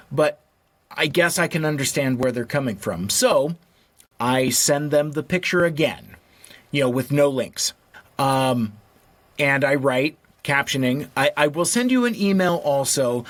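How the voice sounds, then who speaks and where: A man's voice: fairly high pitch, fairly bright tone. A man hosting his own podcast in casual solo chat, wry and exasperated, rambling with restarts and reading messages aloud in a mock-polite tone. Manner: rambling with restarts and filler words. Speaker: podcast host.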